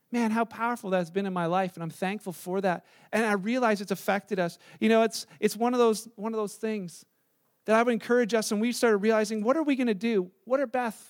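Pastor, middle-aged man, high voice, dry close sound, relaxed storytelling sermon. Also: no room sound. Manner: conversational, storytelling with asides and restarts.

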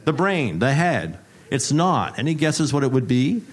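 A man is preaching to his congregation in a playful, joking way and turns a Bible word lesson into a mock game show. He speaks at an ordinary middle pitch and repeats phrases for emphasis. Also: sing-song, measured pace. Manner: playful, jokey, teacherly, repeats himself. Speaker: pastor.

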